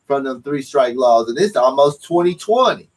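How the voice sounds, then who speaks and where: A man's voice: medium pitch, lively intonation, moderate pace, low-quality recording. A man co-hosting a call-in talk show, talking in a laid-back, slangy, profane way. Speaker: co-host. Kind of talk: casual chat.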